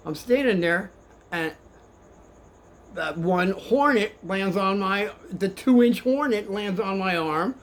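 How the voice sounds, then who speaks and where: A man's voice: high voice, slow. Rambling older man telling kids a story. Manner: rambling, animated, swings between hushed and excited.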